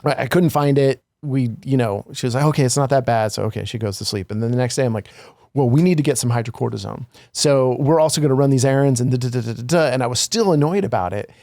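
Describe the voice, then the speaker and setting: A man's voice: medium pitch, fast talker, warm tone, no room sound, studio quality. A middle-aged man co-hosting a casual podcast, telling a candid personal story with lots of fillers and asides. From United States. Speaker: podcast co-host.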